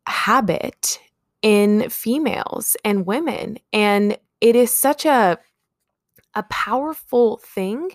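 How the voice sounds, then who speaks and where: A woman's voice: medium pitch, dry recording, clean studio sound. A young woman hosting a solo podcast, talking earnestly and reflectively, acting out short everyday example quotes. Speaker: podcast host.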